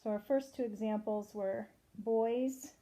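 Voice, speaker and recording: Her voice is fairly high and mellow, with a fairly even intonation, as this teacher leads a phonics lesson for small children. She's slow and patient, spelling each sound out clearly and quizzing the kids as she goes.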